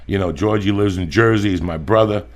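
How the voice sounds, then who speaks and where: Gravelly-voiced male podcast host. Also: sits low, brisk. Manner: friendly, loose and profane. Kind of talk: casual podcast chat.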